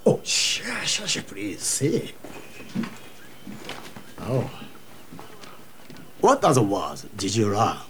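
Chatty sushi chef w/ japanese accent, slow talker, voice swings all over, broken english. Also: male voice, on the low side, huge pitch swings, a little hiss or hum, exaggerated voice. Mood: friendly. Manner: broken English, jovial and teasing, bursts into yelling. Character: cheerful, chatty middle-aged male sushi chef. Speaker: sushi bar owner.

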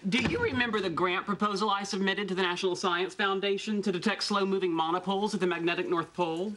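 Sheldon, a pedantic, fussy physicist. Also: male voice, sits high, fairly even intonation, fast talker, slight background noise. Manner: precise, lecturing, oblivious. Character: pedantic, fussy, self-absorbed young male physicist. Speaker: theoretical physicist character. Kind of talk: sitcom acting. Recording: sitcom with loud audience laughter.

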